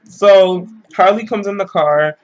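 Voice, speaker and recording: Slangy storytelling man, slightly high voice. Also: measured pace, dull audio. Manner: loose, slangy, rambling storytelling. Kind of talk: casual storytime vlog.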